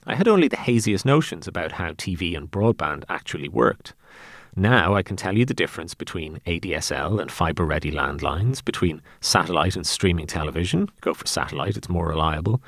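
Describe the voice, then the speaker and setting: A man reading his own essay aloud in a wry, deadpan way. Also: deep voice, no room sound, studio quality.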